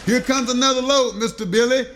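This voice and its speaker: A man voicing a crowd of onlookers with a singsong taunting chant, higher than his narrating voice. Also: a little fast, background noise. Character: jeering crowd of laughing onlookers.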